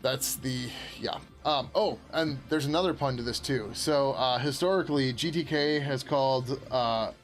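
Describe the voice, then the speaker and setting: A man of middle pitch talks loosely through his coding on a live stream, full of fillers and quick laughs. He swears offhandedly and turns to his viewers mid-thought. Faint music plays under his voice. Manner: rambling, laughs often, answers chat; swears casually, many fillers. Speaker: software developer streaming his work. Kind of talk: casual live-stream chat while coding.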